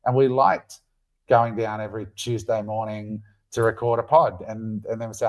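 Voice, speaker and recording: A man's voice: on the low side, moderate pace. A middle-aged man co-hosting a podcast, chatting casually and swearing freely. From Australia. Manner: animated, swears freely, acts out quotes. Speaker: podcast co-host.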